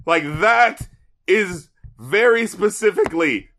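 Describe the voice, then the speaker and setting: A man's voice: sits high, expressive, slow, fairly bright tone. A man co-hosting a casual album review, swearing often and sounding incredulous. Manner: profane, exasperated and incredulous. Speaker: music review co-host.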